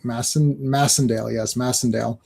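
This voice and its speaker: A man hosting a casual comics chat, rambling and excited, laughing often as he talks. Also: mid-range voice, a little fast, vocal fry, husky. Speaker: podcast host.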